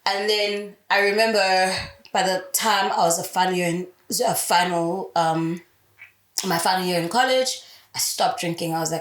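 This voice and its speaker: A woman's voice: medium pitch, measured pace, fairly bright tone. A young woman speaking candidly in a casual interview, swearing freely and telling her story with animation. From South Africa. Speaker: radio host guest. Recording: roomy echo.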